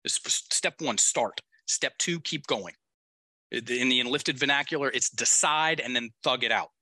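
Bright, emphatic male coach. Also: medium pitch, moderate pace, no echo. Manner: emphatic, blunt, with casual swearing. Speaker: guest executive coach. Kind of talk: podcast conversation.

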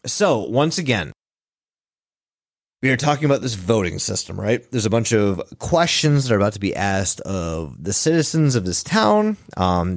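A man's voice: fairly low pitch, no echo, clean studio sound. A man hosting a casual podcast chat, loose and profane, with many filler words. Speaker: podcast host.

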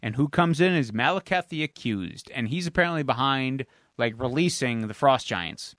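A man co-hosting a podcast at a middling pitch, rambling through a story recap with plenty of fillers and the odd curse. The sound is dry and close, with no room echo. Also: expressive, normal speed, fairly bright tone. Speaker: podcast co-host. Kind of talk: casual chat.

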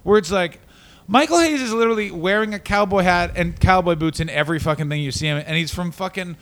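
A man co-hosting a comedy wrestling podcast, talking loosely and swearing as he riffs. His voice sits a little high for a man and sounds dry and close, with no room around it. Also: fast talker, a bit bright, no room sound. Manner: profane, riffing, breaks into silly mock accents. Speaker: podcast co-host. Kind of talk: casual comedic chat.

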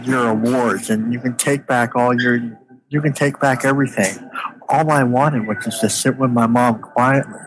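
Tearful man telling his story haltingly. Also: mid-range voice, background noise. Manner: halting, repeats words often. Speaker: interviewee. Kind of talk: emotional personal storytelling.

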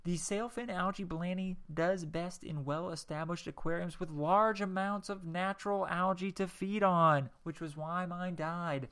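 A man hosts a casual solo podcast, reading aloud in a loose, rambling way. His voice is bright, and he trips over words and jokes as he goes. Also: high-pitched, unhurried, hardly any pauses, clean tone. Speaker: podcast host.

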